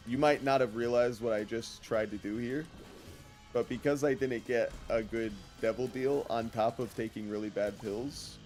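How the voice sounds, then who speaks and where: A man's voice: medium pitch, a little mellow. A man streaming a game, rambling and joking casually as he talks to his chat. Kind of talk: casual gameplay commentary.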